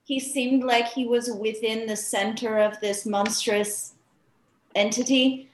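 A woman's voice: fairly high pitch, fairly even intonation, slow pace. A woman playing a tabletop game, asking inquisitive questions in casual chat. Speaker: player. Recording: roomy echo.

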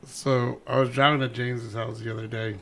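A man's voice: medium pitch, little pitch movement, a little fast, creaky, fairly bright tone. A man co-hosting a casual podcast, bringing up a topic in a laid-back, rambling, slightly indignant way. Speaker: podcast co-host. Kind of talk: casual chat.

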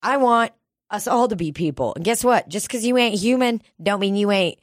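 Woman, podcast co-host, casual, profane, excitable, dry recording. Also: mid-range voice, normal speed, no room sound. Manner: profane, excitable, laughs often. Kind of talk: casual chat.

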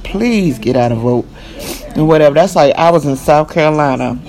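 Podcast host, Texan woman, gravelly voice, emphatic casual monologue. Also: deep voice, a little mellow. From Texas. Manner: emphatic, repeats "you know what I'm saying".

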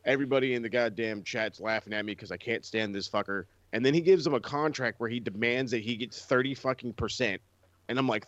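A man's voice: medium pitch, fast talker, dry recording, dull audio. A man on a wrestling podcast, ranting in a casual, profane way and mimicking people he mocks. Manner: profane, ranting, quotes people in mocking voices. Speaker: podcast co-host. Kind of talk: casual chat.

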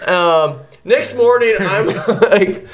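A man's voice: sits high, very slow. A young man telling a profane story in a casual podcast chat, acting out the voices of people in it. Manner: animated, profane, acts out voices in his story.

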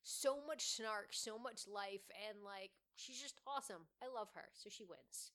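A woman's voice: medium pitch, measured pace, a bit bright. Snarky, sweary woman podcast co-host. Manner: snarky, blunt, swears freely. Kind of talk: casual movie-review chat.

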